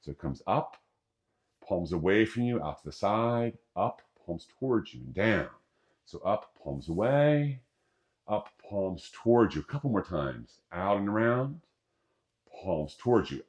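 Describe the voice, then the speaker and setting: Speaking unhurriedly in a low voice with big pitch swings, a middle-aged qigong teacher walks through the moves. His breathing instructions come step by step in a casual, jokey way.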